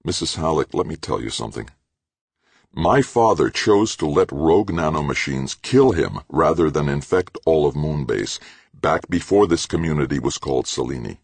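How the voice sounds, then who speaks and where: A man reads a young leader holding firm while staying reasonable, in an audiobook. The voice is very deep and gravelly with a husky grain. It is dry and close to the mic. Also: lively intonation, moderate pace, dry recording, heavily acted.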